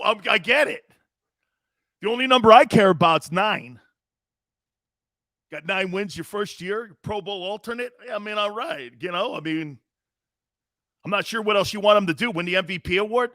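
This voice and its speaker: A male sports talk host with a high-pitched voice. He talks in an animated, joking way. The sound is dry and close, with no room echo. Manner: animated, joking, often laughing. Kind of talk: casual sports radio talk.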